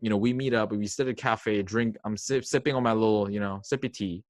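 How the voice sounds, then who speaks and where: A man's voice: on the low side, steady tone, fast talker, no room sound. A young man telling a story as a podcast guest, chatty and self-mocking, with lots of fillers and acted-out quotes. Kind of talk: casual storytelling.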